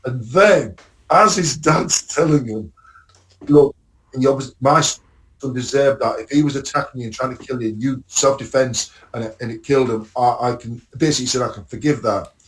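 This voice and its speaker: A man's voice: mid-range voice, moderate pace. A man co-hosting a podcast, casually recapping TV episodes, rambling and swearing, acting out scenes. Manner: rambling, swearing, acts out scenes with bursts of excitement. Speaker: podcast co-host. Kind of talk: casual chat about TV shows.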